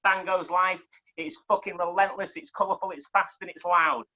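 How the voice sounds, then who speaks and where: A man with a Mancunian accent, performing fast, punchy poetry full of swearing and wordplay, then chatting casually as a guest. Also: high-pitched, fairly even intonation, sharp tone, highs cut off. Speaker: guest poet.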